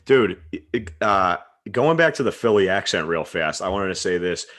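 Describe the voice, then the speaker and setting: A man's voice: sits low, lively intonation, normal speed, fairly bright tone. A man from Philadelphia with a Philadelphia accent, hosting a podcast in laid-back chat, swearing and saying dude a lot. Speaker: podcast host.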